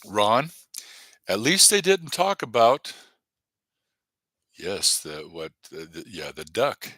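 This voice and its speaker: A man's voice: fairly low pitch, wildly swooping pitch, takes it slowly, bright, forceful tone, no echo. A man hosting his comedy channel on a live stream, chatting casually and rambling between jokes with lots of fillers. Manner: rambling, jokey, many fillers.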